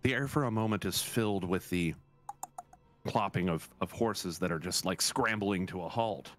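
A man narrating a tabletop game as game master, relaxed and halting, with many fillers. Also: low voice, faint music behind.

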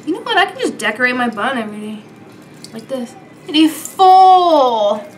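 A woman's voice: a little high, sing-song, fast, pushed and bright, a little hiss or hum. A young woman vlogging casually at home, playful and sassy, calling her viewers darlings and girls. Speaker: beauty vlogger. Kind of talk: casual chat.

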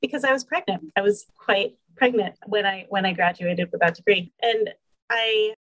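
A woman's voice: mid-range voice, moderate pace, fairly bright tone, lo-fi sound. A woman in her forties from Boston, candidly telling her personal story as a podcast guest.

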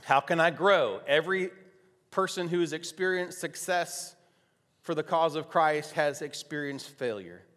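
A male pastor preaching a sermon, telling a personal story softly and then rising to loud, emphatic declarations. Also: on the high side, measured pace. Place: church sanctuary. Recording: long hall reverb.

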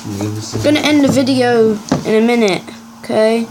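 A woman giving excitable, chatty commentary while playing a football video game, cheering and muttering by turns. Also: fairly high pitch, normal speed, noisy background. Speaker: gaming channel host. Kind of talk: live gameplay commentary.

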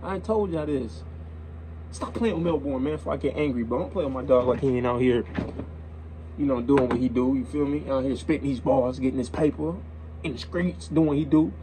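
A man's voice: mid-range voice, a little fast, mellow, a little hiss or hum, rough recording. A young man hosting a reaction video, talking in a casual, slangy way and repeating himself as he gets worked up.

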